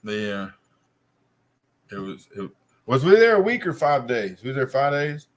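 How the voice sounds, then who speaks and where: A man's voice: medium pitch, very animated, a little slow. A man telling a long profane story on a casual podcast, with a loose, drawling delivery. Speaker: co-host.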